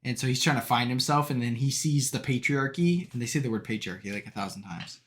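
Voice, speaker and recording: A man's voice: mid-range voice, fast talker. A young man co-hosting a podcast, talking through a movie in a rambling, casual way with lots of fillers and laughs. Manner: rambling, many fillers, laughs while recounting jokes. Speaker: podcast co-host. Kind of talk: casual movie review chat.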